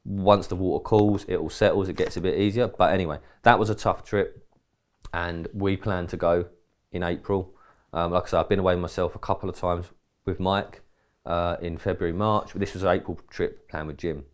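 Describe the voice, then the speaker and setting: Deep-voiced man telling a rambling story. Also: moderate pace. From England. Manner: rambling anecdotes, lively quoted dialogue, mild swearing. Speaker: podcast co-host. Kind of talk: casual storytelling chat.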